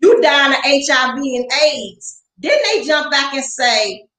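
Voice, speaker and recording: A woman's voice: sits high, expressive, measured pace, bright, forceful tone. A woman speaking as an interview guest, ranting in a heated, profane, confrontational way with lots of emphasis. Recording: roomy echo.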